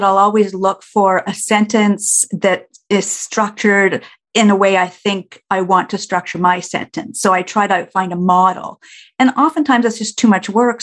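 A woman interviewing a guest in casual chat, asking questions and owning up to her own doubts. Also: mid-range voice.

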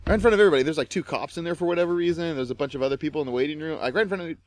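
A young man co-hosting a casual podcast, swearing constantly as he tells a story and bursts into shouted quotes. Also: fairly high pitch, very fast, noisy background. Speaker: podcast co-host. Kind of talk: casual chat, profane storytelling.

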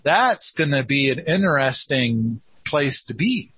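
Husky, playful male host. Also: mid-range voice, big pitch swings, a little slow, dry recording, dull audio. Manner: playful, teasing. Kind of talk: casual call-in chat.

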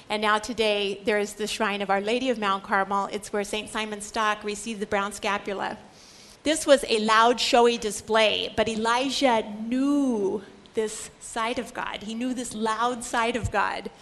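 A woman's voice: on the high side, steady tone, moderate pace, fairly bright tone. Woman giving an emphatic scripture lecture. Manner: dramatic, emphatic storytelling. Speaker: Bible teacher.

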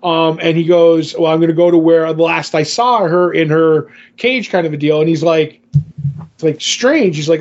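A man's voice: on the high side, moderate pace. Man, podcast co-host, casual chat, rambling, fillers and restarts, muffled recording. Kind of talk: casual chat recapping a comic.

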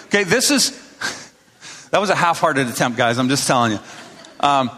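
At medium pitch, animated and pushed with a bright edge, the pastor keeps a moderate pace as he preaches to a live congregation. He tells stories casually and acts out what people said, while the hall adds a long reverb.

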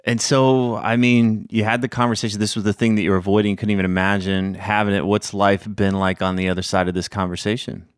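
A man hosts a conversational interview, his voice sitting low in pitch. He asks reflective, probing follow-up questions in an easy tone. The recording is dry, with no room echo. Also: little pitch movement, fairly quick, hardly any pauses, clean tone. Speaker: podcast host. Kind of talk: casual interview.

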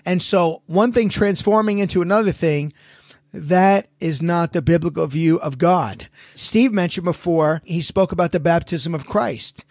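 A man's voice: fairly high pitch, measured pace, a little mellow, dry recording, studio quality. A man hosting a podcast, casually talking through theology and throwing rhetorical questions to his co-hosts. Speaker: podcast host.

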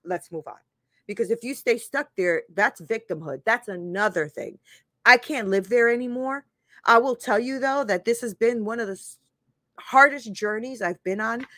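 A woman's voice: medium pitch, fairly bright tone, dry recording. A woman hosting a live motivational talk, candid and laughing often, swearing casually and voicing her own inner critic as she speaks. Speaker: life coach and show host.

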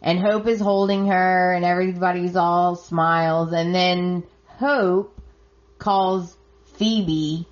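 A woman hosts a podcast and recaps the week in a relaxed, chatty manner, throwing in sarcastic reactions. Her voice sits on the low side and she talks at an unhurried pace. The recording sounds dull and lo-fi. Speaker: podcast host. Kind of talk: casual soap opera recap.

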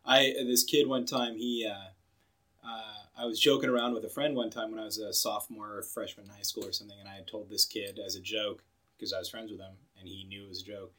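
Bright-voiced young man telling stories. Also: lowish voice, brisk. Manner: animated, acts out quoted voices, filler-heavy. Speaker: podcast co-host. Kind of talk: casual podcast storytelling.

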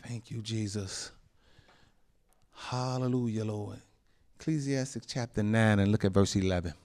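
A pastor preaching a sermon, dropping frequent amens and chuckles, moving between soft, low asides and loud, high exclamations. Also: male voice, unhurried.

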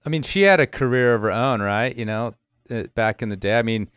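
A man hosting a podcast, asking questions in relaxed conversation. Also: medium pitch, a little fast, clean tone. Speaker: podcast host. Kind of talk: casual interview.

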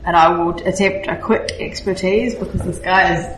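A player in a tabletop game who describes actions casually with halting starts. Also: mid-range voice, steady tone, fairly bright tone. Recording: echoey room with background noise.

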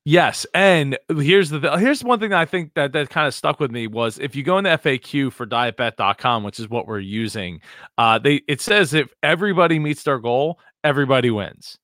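A man's voice: mid-range voice, lively intonation, moderate pace, a bit bright, no room sound, clean studio sound. A man hosting a casual podcast conversation, talking in a rambling, hesitant way with many restarts. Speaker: podcast host.

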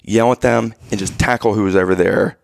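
A young man co-hosting a casual chat, telling a story in a lively, animated way and acting out his own yells. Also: lowish voice, normal speed, vocal fry, no echo, clean studio sound.

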